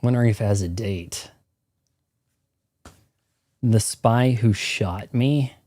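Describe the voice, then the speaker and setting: A man's voice: on the low side, takes it slowly, dark tone, dry recording. A man ranting his opinions in loose, profane gameplay commentary on a live stream. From United States.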